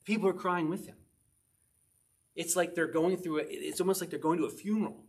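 A husky, slightly high-voiced man teaching a sermon in a conversational way. He reads scripture aloud with rising emphasis, then turns to his listeners with direct questions. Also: steady tone, a little fast. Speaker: pastor.

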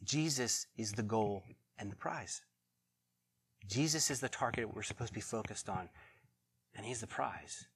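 A middle-aged man preaching a sermon as pastor, animated, swinging between loud bursts and hushed, tender passages. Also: lowish voice, a little slow, long pauses, slight background noise.

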